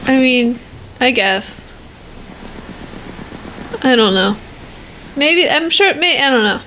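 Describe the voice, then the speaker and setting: Teenage girl, podcast co-host, high voice, joking, quick to correct herself. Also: animated, sharp tone, a little hiss or hum, poor audio. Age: teens. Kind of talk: casual chat.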